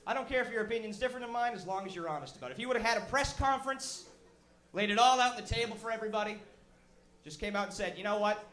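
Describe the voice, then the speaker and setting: A man, a comedian host, doing a crude, animated stand-up rant at a live show. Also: high-pitched, racing. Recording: echoey live room.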